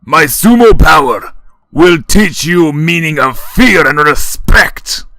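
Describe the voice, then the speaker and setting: A man voicing a drunken, grandiose male sumo wrestler who booms in slurred, broken English. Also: animated, slow pace, creaky, pushed and bright, dry recording, exaggerated voice. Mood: menacing.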